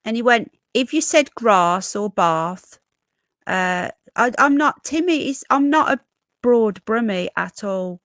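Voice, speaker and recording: Reading viewer comments aloud, this livestream host chats casually in a softened Birmingham accent tinged with Yorkshire; she's from Birmingham, England. She sounds animated and a little slow, with a fairly high, fairly bright voice, captured dry in clean studio sound.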